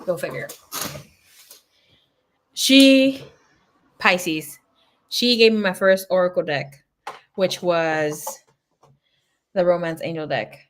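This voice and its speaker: A woman's voice: lowish voice, slow pace, long pauses, a little hiss or hum. A woman giving a casual livestream tarot reading, talking bluntly and swearing freely as she tells stories. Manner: blunt, profane, chatty storytelling. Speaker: tarot reader.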